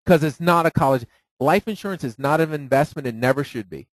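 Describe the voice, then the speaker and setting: A man with a somewhat high voice teaches a live audience. He talks in a lively way and keeps asking rhetorical questions. The sound is dry and close. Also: a little fast, no room sound, low-quality recording. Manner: lively, acts out phone calls in quoted voices; rhetorical questions with repeated "right?". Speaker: financial seminar speaker.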